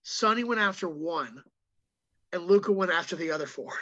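Brief: man, comedian podcast guest, animated storyteller, sharp bright tone. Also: high voice, dull audio. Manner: animated storyteller, breaks into quick impressions. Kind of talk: casual podcast chat.

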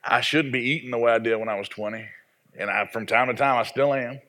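A man's voice: medium pitch, fast, pushed and bright. A man in his forties from the American South, a pastor preaching a sermon in a folksy, self-deprecating storytelling way. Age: 40s.

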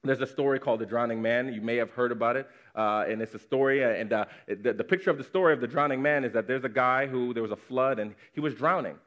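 A man's voice: medium pitch, fast talker, few pauses, fairly bright tone. A man preaching a sermon to his congregation in a conversational way, repeating words for emphasis. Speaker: pastor. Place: church congregation.

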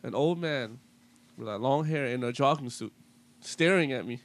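A young man in casual chat, telling a ghost story in a halting way with many restarts. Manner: halting, full of restarts and fillers, low-key.

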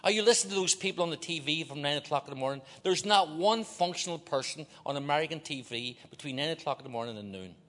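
Older belfast guy preaching hard, voice sits kinda high, gets loud then goes quiet, big echoey church. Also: lively intonation, fast talker, hardly any pauses. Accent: Northern Irish, Belfast. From Northern Ireland. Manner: impassioned, swinging from loud exhortation to hushed confession, joking asides. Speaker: visiting preacher. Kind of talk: sermon. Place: large church auditorium. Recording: long hall reverb in a big church.

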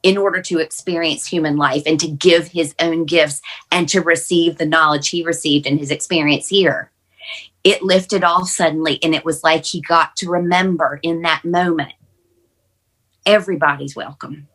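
Female podcast guest, lower register, earnest reflective storyteller. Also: fairly even intonation, normal speed, fairly bright tone. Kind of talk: personal storytelling on a panel podcast.

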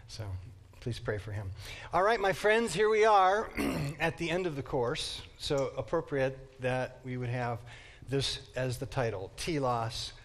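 A man's voice: medium pitch, animated, a little slow, a bit bright. A man giving a conversational lecture to an adult class in a church, thinking aloud with the odd restart.

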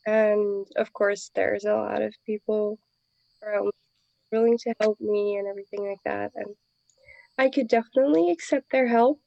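A woman's voice: fairly high pitch, creaky, a little mellow, no room sound. A woman co-hosting a podcast, sharing her thoughts hesitantly and reflectively. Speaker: podcast co-host. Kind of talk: casual reflective conversation. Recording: slightly muffled audio.

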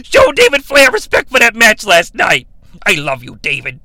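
A blustering New York wrestling promoter, as a man puts him on, rants and hollers in a high, bright voice. Every line is self-pitying bravado. The recording is dry and close. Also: huge pitch swings, normal speed, no room sound, exaggerated voice, low-quality recording. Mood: ranting.

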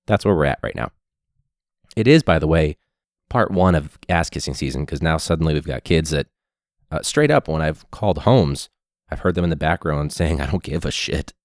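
A man who teaches high school, ranting casually with sarcasm and swearing, his throat hoarse from a recent illness. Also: animated, normal speed, no room sound, studio quality. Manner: sarcastic, profane, mocking.

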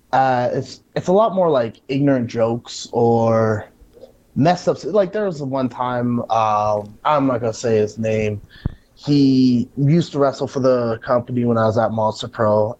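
A man, a pro wrestler, chatting casually and telling animated stories, acting out what people said. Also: medium pitch, unhurried, muffled recording. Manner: animated storyteller, acts out quotes. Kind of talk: casual conversation.

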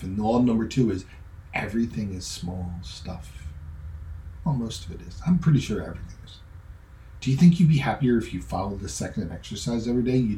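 Middle-aged male pastor, mellow voice, joking conversational sermon, echoey room. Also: fairly low pitch, a little hiss or hum.

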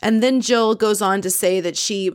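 A woman's voice: medium pitch, normal speed, no echo, studio quality. A woman casually recapping a reality show episode, opinionated and candid, swearing freely as she quotes what others said.

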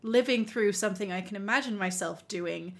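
A woman telling a story in casual chat as a podcast co-host, animated and laughing often. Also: medium pitch, fairly quick. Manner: animated, laughing often, acting out quoted lines.

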